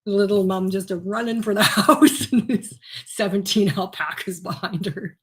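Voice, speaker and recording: A woman's voice: mid-range voice, fairly even intonation, normal speed. A woman co-hosting a casual chat show, telling animal stories and laughing through them. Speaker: co-host.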